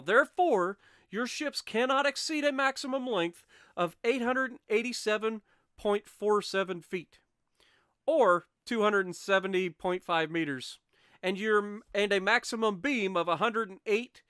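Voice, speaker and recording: A man's voice: high voice, a bit bright, smooth, dry recording, clean studio sound. A man hosting a gaming channel, reading out challenge rules steadily with wry asides and self-corrections into a desk microphone.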